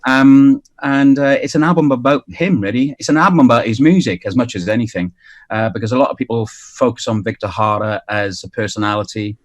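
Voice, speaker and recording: A Welsh man in his fifties, speaking as a guest on a radio interview. He talks in a halting way, with lots of fillers and restarts, at an ordinary middle pitch. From Wales. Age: 50s. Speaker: guest musician. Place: outdoors by the sea.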